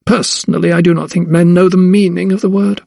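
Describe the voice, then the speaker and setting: A woman's voice: fairly low pitch, flat delivery, a little fast, gravelly, mellow, no room sound, studio quality, pitched above the performer's own voice. A man reading aloud, voicing a haughty, sneering woman of the house. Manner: cold, scornful.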